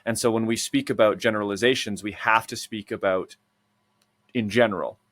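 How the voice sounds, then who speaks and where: A man hosting a podcast, talking in a measured and articulate way with careful qualifications. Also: fairly low pitch, fairly even intonation, a bit bright, dry recording. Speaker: podcast host. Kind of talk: casual conversational interview.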